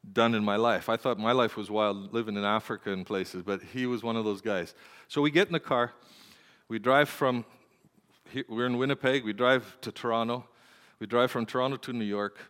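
An older man, a preacher and grandparent, telling a personal story in a sermon, moving from quiet storytelling to urgent, impassioned pleading. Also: medium pitch, clear, resonant tone. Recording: hall with long reverb.

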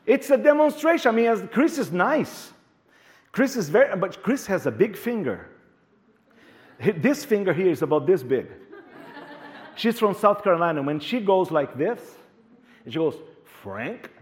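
Preaching with animation, a male pastor repeats phrases and trades jokes with the crowd. His pitch is high and his speed normal, broken up by long pauses.

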